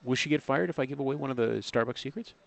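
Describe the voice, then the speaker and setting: A middle-aged man from Canada hosting a radio sports show, bantering and teasing in a jokey, animated way. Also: medium pitch, very fast, vocal fry, no echo.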